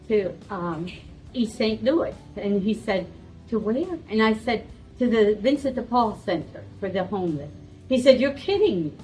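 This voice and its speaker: A woman's voice: medium pitch, poor audio. An older woman, a nun, casually telling a story and acting out the lines of the people in it. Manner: animated retelling with quoted dialogue. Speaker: nun and volunteer.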